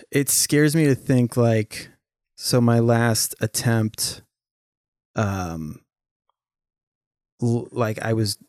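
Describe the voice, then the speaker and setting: A man hosting a casual podcast, talking slowly in a laid-back, joking way. His voice sits at a middle pitch, recorded dry and close. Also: darkish tone, no room sound.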